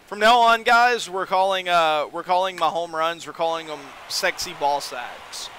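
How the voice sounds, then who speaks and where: A young man casually commentates a baseball video game on a live stream, joking with his chat and getting excitable. His voice is on the high side at a moderate pace, with a little hiss or hum.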